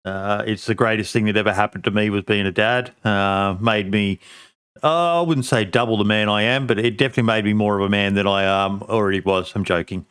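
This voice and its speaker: A man's voice: on the low side, fairly even intonation, fairly quick, a bit bright, smooth. A middle-aged man hosting a podcast in casual chat, swearing freely and laughing often. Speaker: podcast host.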